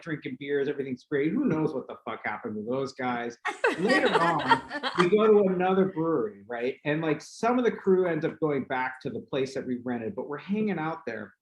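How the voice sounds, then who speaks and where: A man hosting a casual podcast, spinning a long anecdote full of fillers and bursts of laughter. His voice sits at an average pitch and sounds roomy and echoey, with a faint hiss under it. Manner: animated, laughing storyteller with many fillers. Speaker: podcast host. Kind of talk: casual storytelling. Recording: roomy echo with faint noise.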